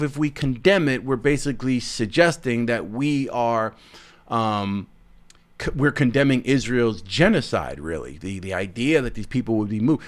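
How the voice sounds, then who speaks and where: A man hosting his own podcast, giving an emphatic, heated commentary monologue with sarcastic asides. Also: medium pitch. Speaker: podcast host.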